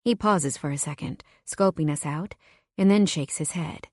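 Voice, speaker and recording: A woman narrating a first-person romance audiobook in a wry, conversational, expressive way. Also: low-pitched, moderate pace, no room sound, clean studio sound.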